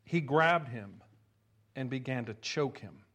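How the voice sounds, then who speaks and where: A man's voice: mid-range voice, expressive, takes it slowly, fairly bright tone. A male pastor reading scripture and preaching in a conversational way with rhetorical asides. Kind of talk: sermon.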